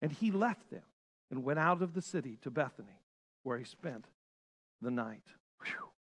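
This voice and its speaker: A male pastor preaching a sermon with passion, swinging between loud bursts and hushed lines. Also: fairly high pitch, very animated, normal speed, breathy edge.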